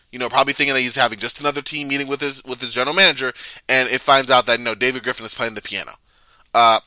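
A man's voice: mid-range voice, sharp tone, no room sound. A man hosting a casual sports talk show, chatting loosely with frequent restarts and reading passages aloud. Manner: chatty, stammers and restarts, reads quotes aloud. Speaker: sports podcast host.

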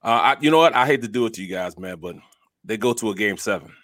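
Laughing, animated sports talk host. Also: male voice, lowish voice, quick pace, dry recording, studio quality. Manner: animated storyteller, laughs often.

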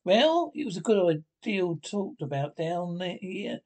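A man voicing a sensible, earnest male water rat in a storybook reading, telling things slowly and emphatically. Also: high voice, very animated, a little mellow, full character voice. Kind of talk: storybook character voice.

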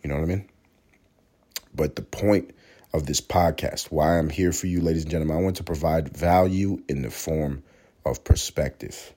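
A man's voice: very deep voice, fairly even intonation, moderate pace, warm tone. A man hosting a solo podcast with a sore throat, talking in a profane, rambling way, sometimes like a mock preacher. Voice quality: hoarse. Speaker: podcast host. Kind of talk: casual solo podcast monologue.

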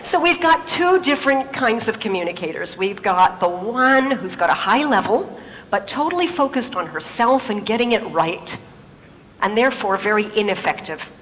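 A native English-speaking woman giving a lively stage talk, telling stories and putting questions to the audience. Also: a little high, big-room sound, a little hiss or hum.

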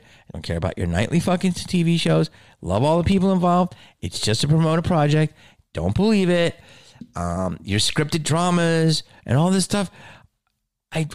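A man's voice: medium pitch, creaky, a little mellow, no echo, clean studio sound. A man hosting a solo podcast, ranting in a blunt, profane way. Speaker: podcast host.

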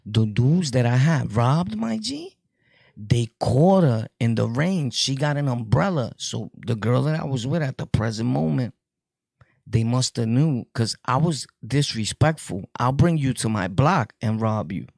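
A man's voice: mid-range voice, animated, measured pace, vocal fry, darkish tone, slightly rough, dry recording, studio quality. A man with a New York accent telling prison stories in a casual, joking way, laughing often and using heavy street slang. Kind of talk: casual storytelling to camera.

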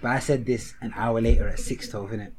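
A man's voice: mid-range voice, steady tone, fast, darkish tone, a little hiss or hum, low-quality recording. A young man co-hosting a podcast, telling a rambling, self-mocking story in slang. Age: young adult. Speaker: podcast co-host. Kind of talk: casual podcast chat.

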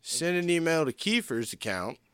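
Jokey male co-host with a smooth, clear voice who pokes at others' claims in a dry sound. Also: fairly high pitch, very animated, normal speed, fairly bright tone, no room sound. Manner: jokey, challenges others with questions. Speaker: podcast co-host. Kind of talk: casual chat.

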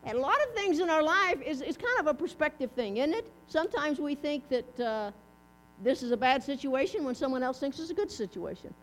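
Folksy high-voiced woman preaching. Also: lively intonation, brisk. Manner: folksy, chatty, asks the audience questions. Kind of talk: casual sermon. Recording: mains hum underneath.

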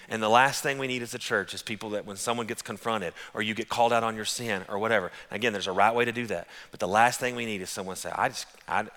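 A man preaching a sermon as pastor, telling stories in an animated, conversational way. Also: lowish voice, long reverb tail.

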